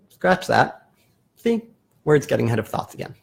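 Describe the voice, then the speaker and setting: A man hosting a live video as a therapist, explaining calmly in a casual, self-correcting way. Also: fairly high pitch, fairly quick, creaky, breathy edge. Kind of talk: casual live-stream talk.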